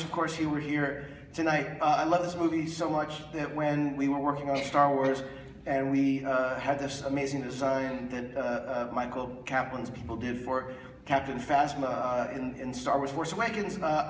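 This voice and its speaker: A man introducing a film to a theater audience, talking casually with many fillers and restarts. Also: mid-range voice. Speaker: filmmaker introducing a screening. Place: large cinema theater. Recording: echoey room, far from the mic, some noise.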